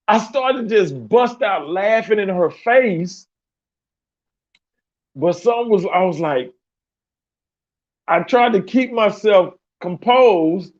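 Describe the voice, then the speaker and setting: A man's voice: sits high, expressive, slow, long pauses, muffled recording. A man hosting a podcast, telling a story in a loose, profane way and laughing often. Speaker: podcast host.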